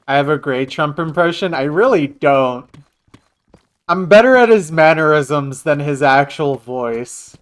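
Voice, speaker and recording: A man's voice: on the high side, animated, measured pace. A man streaming a game live, joking casually with his viewers. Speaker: livestreamer. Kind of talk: casual gaming livestream chat.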